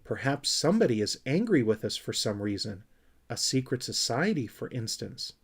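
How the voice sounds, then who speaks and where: A man's voice: medium pitch, big pitch swings, normal speed, slightly rough. A man voicing an earnest, curious young male troll who leads his friends. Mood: thoughtful.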